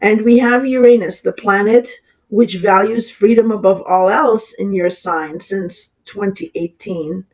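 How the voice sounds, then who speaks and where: Astrologer, raspy from a cold, casual and rambling, apologetic, plenty of fillers. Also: mid-range voice, measured pace, rough recording. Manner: rambling, with many fillers and restarts. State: has a cold. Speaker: astrologer giving horoscopes. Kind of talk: casual horoscope reading.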